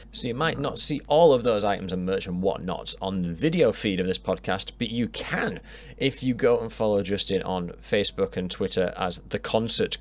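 A man with a Yorkshire accent hosting a casual podcast interview, chatty and swearing freely. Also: deep voice. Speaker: podcast host.

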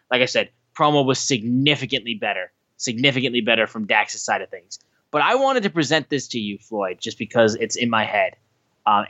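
A man co-hosting a podcast in casual chat, animated and swearing freely as he recaps shows. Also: mid-range voice, dry recording, dull audio. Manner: animated, swearing, acts out quotes. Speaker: podcast co-host.

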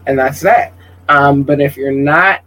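A man's voice: fairly high pitch, unhurried, sharp tone, low-quality recording. A man hosting a casual livestream, talking in an emotional, outspoken and profane way. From Georgia, USA. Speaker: livestream host.

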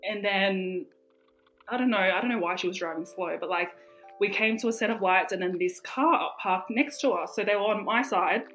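A young woman talks on a casual podcast, pitched at a middling height. She tells her stories animatedly, packed with "like" and the odd swear word. Soft music plays faintly underneath. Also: normal speed. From Australia. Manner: animated storytelling, heavy fillers and swearing. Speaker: podcast co-host. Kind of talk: casual chat.

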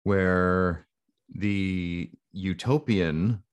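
A man with a very low, deep voice talks through ideas in a loose podcast chat. He rambles, circles back and restarts his sentences as he thinks aloud. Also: drawn-out words, clear, resonant tone. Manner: thoughtful, rambling, frequent restarts. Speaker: podcast co-host. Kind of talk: casual chat.

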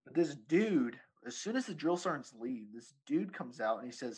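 A man's voice: mid-range voice, very animated, normal speed, hardly any pauses, husky, low-quality recording. A man in his thirties telling a story in casual chat, rambling, swearing and laughing often. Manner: profane, rambling, laughs often, says "dude" constantly.

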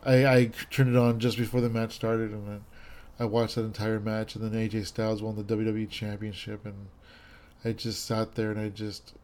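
Speaking at a moderate pace, a man in his thirties rambles through a casual chat with plenty of fillers and restarts. His voice is fairly low, mellow, and dark, with little pitch movement, though his enthusiasm still shows.

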